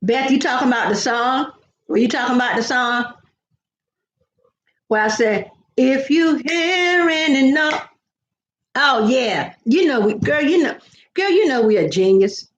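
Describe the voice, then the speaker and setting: A woman's voice: fairly high pitch, lively intonation, normal speed. An older woman, chatting playfully and rambling with repeated words on a casual home live stream. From American South. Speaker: vlogger. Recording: echoey, dull lo-fi home recording.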